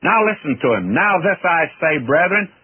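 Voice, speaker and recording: A man's voice: on the high side, sing-song, normal speed, slightly rough. A man teaching the Bible verse by verse in a folksy, earnest, emphatic way. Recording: tinny old radio broadcast.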